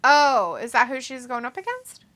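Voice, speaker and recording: Bright-voiced blunt woman chatting. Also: high-pitched, big pitch swings, normal speed. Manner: blunt, swears freely. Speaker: co-host of a watch-along. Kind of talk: casual chat. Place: home, indoors.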